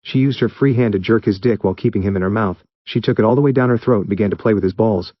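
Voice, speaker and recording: A man with a low voice reads a story aloud in steady, even narration. The recording is dull and muffled, with a dry, close sound and no room echo. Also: fast talker. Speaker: story reader. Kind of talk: reading fan fiction aloud.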